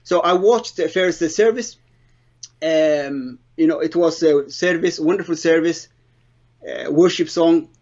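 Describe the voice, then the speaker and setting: Halting middle-aged man. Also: on the high side, a little mellow. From Somalia. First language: Somali. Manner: halting, earnest storytelling with broken English grammar. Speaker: interviewee giving a testimony. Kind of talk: personal conversion testimony. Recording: dull lo-fi sound.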